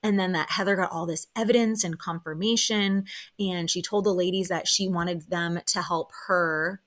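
A young woman hosting a podcast, chatting excitedly about a show with lots of fillers and quick quoted reactions. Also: lowish voice. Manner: chatty, excitable, lots of "like" fillers, quoting people in lively bursts. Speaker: podcast host. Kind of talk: casual solo recap chat.

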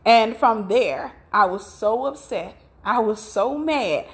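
A woman's voice: fairly high pitch, animated, unhurried, few pauses. A middle-aged woman preaching in a conversational, storytelling way, telling about her own marriage. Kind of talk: sermon with personal story.

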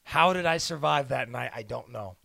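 A man's voice: mid-range voice, animated, normal speed, gravelly, pushed and bright, no room sound. A man co-hosting a podcast, chatting casually and leaning heavily on fillers. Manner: filler-heavy, lots of "like". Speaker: podcast co-host. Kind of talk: casual chat.

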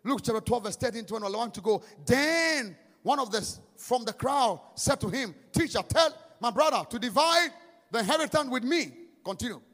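A male pastor preaching a sermon to a congregation in a church, swinging from hushed lines to shouted, sing-song emphasis and calling for claps. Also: very high voice, expressive, normal speed. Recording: long church hall reverb.

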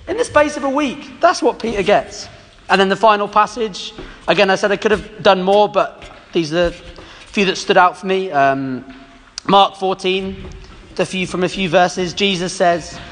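A man's voice: high-pitched, a bit bright, in a large hall. A man giving a sermon, reading scripture passages aloud and commenting on them with rhetorical questions. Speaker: preacher.

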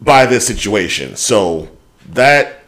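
Man, low-pitched, podcast co-host, casual, candid, swears freely. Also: animated, takes it slowly, fairly bright tone. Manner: candid, swears freely, talks through a hard day at length. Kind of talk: casual chat.

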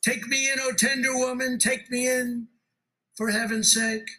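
A man's voice: very high voice, level tone, unhurried, pushed and bright, heavily acted, rough recording. A man voicing a sly, vicious male snake in a pleading singsong chant, read aloud from a poem.

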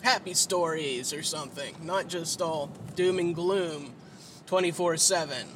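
A man's voice: a little high, measured pace. A tired, sleepy man rambling in a casual monologue, swearing often and full of fillers while he drives. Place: inside a car while driving. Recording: road and engine noise in a car. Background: vehicle noise.

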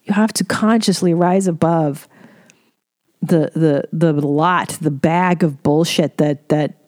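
A woman's voice: low-pitched, slow, darkish tone. Candid, profane woman podcast host. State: tearful. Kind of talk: casual monologue.

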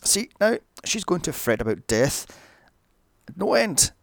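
Gravelly man ranting through a movie recap. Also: high voice, very animated, takes it slowly, no echo, studio quality. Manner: profane, ranting, mocking asides. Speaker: film recap commentator. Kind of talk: sarcastic movie recap narration.

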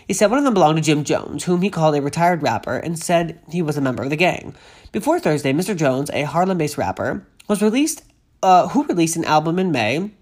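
A woman's voice: sits low, darkish tone. A woman from Massachusetts, sniffly from a cold, reads a news article aloud and keeps breaking off into gushing asides and tangents. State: getting over a cold, sniffly. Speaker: vlogger. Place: at home with a pet on her lap.

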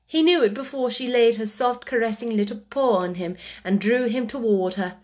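A woman reading a children's book aloud chapter by chapter, soft and gentle, dropping to a whisper at tense moments. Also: fairly high pitch, normal speed. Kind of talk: chapter-by-chapter read-aloud storytelling.

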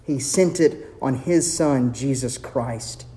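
A man preaching a sermon as pastor, earnest, with shifts of pace and soft, hushed quoted lines. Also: medium pitch, takes it slowly. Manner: earnest, varies pace, drops to soft intimate tones for quotes. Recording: long hall reverb.

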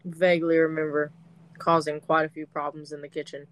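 A woman's voice: low-pitched, level tone, brisk, dry recording. Slangy, laughing young woman. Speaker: podcast co-host. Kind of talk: casual chat.

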